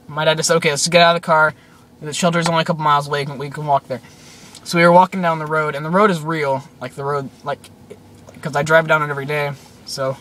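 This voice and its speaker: A bit of hiss or hum sits under this young male vlogger's slightly high, somewhat bright voice. He casually retells a strange dream for his audience, rambling and leaning heavily on "like" and "um."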